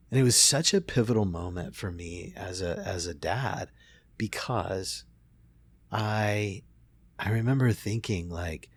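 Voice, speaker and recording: A middle-aged man, a therapist, telling a family story in a relaxed conversation, reflective and full of restarts. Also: low voice, normal speed, slightly rough, no echo. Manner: reflective, many restarts and fillers. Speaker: therapist and podcast host.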